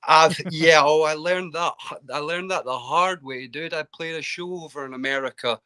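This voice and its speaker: Bright-voiced Scottish man calling in. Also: a little high, moderate pace, clean tone. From Scotland. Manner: chatty, self-deprecating, with many restarts. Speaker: caller. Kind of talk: casual football chat. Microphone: video call.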